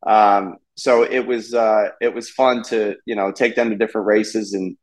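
Relaxed, halting man, a racing driver. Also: fairly low pitch, poor audio. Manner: relaxed, halting, many fillers and restarts. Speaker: race car driver guest. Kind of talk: casual interview chat.

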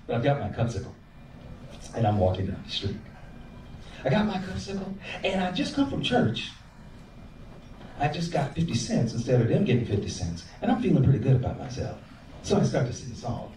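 A man telling an animated comic story on stage, acting out voices. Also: medium pitch, a little fast, long pauses, slight background noise. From American South. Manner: animated, acts out voices and sings bits. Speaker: stand-up comedian. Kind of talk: stand-up storytelling. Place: comedy club stage. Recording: roomy club sound from a distance.

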